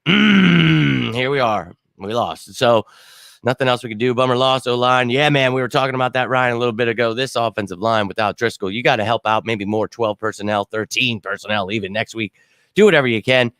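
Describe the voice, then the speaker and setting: A man hosting a sports fan show, ranting bluntly and swearing after a loss, his throat hoarse from screaming. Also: medium pitch, fairly even intonation, a little fast, fairly bright tone, no room sound, studio quality. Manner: fired-up, blunt, swears, repeats himself. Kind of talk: casual postgame fan rant.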